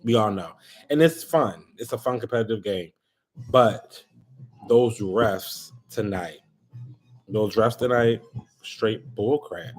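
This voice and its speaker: A man's voice: lowish voice, slow, pauses often. Man ranting on a live stream. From Baltimore, USA. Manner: animated, exasperated ranting to viewers. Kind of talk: casual live-stream chat.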